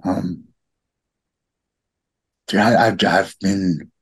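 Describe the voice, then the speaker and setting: A middle-aged man talking earnestly in a podcast conversation, halting and repeating his words. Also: low-pitched, steady tone, husky.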